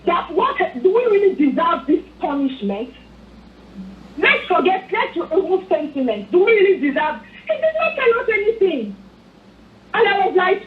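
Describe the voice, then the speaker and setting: A Nigerian woman phones in to a talk show, her voice very high and full of swoops. She speaks with anger and keeps pleading. The call comes through a thin, phone-like line with a roomy echo. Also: wildly swooping pitch, normal speed. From Edo State, Nigeria. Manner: angry, pleading, repetitive. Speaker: phone-in caller. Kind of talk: impassioned political commentary. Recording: echoey tinny phone line.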